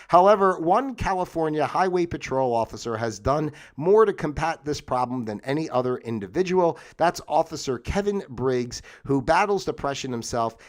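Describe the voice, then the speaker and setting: A middle-aged man hosting a casual livestream, reading out facts in a rambling, jokey way and breaking off into asides. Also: fairly high pitch. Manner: rambling, jokey, self-interrupting. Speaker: livestream host. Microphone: phone.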